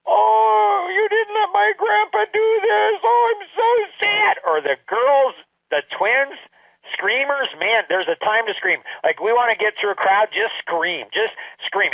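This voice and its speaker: An older man talks to his grandchildren in a loose, rambling way, his fairly high voice leaping up on emphatic exclamations. The sound is dry and slightly distant from the mic. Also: bright, forceful tone, no room sound. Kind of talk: casual recorded talk to family.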